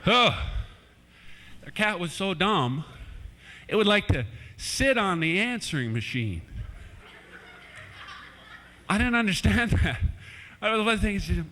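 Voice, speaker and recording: A man's voice: sits high, big pitch swings, unhurried, long pauses, bright, forceful tone, slight background noise. A man doing playful family stand-up comedy in a church hall, chatting with kids in the crowd, on an old VHS recording.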